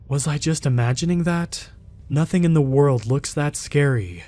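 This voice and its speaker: A man narrates a scripted first-person horror story in a measured, even storytelling manner. His voice is dark and mellow, with faint music underneath. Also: mid-range voice.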